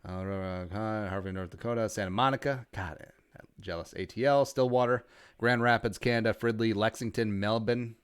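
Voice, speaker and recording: A man hosting a casual livestream podcast, laid-back and wry, reading out viewer shout-outs with quick jokes. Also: fairly low pitch, fairly even intonation, smooth, dry recording, clean studio sound. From Minnesota. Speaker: podcast host.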